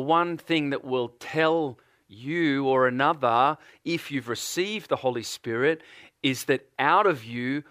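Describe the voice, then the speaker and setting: A man's voice: mid-range voice, a bit bright, dry recording, studio quality. A man from Australia with an Australian accent, preaching a sermon and putting earnest repeated questions to a congregation.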